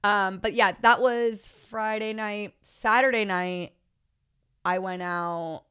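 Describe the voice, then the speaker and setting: A woman's voice: medium pitch, slow, clear, resonant tone. A young woman co-hosting a podcast, telling stories in casual chat with lots of "like". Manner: chatty, animated storytelling with frequent "like". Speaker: podcast co-host.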